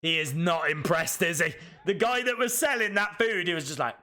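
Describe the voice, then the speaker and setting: A fairly high, bright and forceful male voice. He keeps up chatty, excitable commentary on a live watch-along stream. Between reactions he reads out comments from his viewers. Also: normal speed, hardly any pauses.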